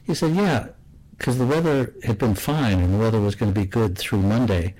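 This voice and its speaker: A man with a lowish voice tells a personal story. His delivery is soft, reflective and unhurried in feeling, and he keeps it low-key throughout. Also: rough recording.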